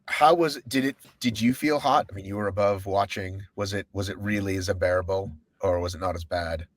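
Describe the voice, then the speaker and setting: A man's voice: deep voice, brisk, dry recording. A middle-aged American man hosting a casual podcast interview, chatty and teasing. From United States. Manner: chatty, teasing, lively questions. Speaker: podcast host.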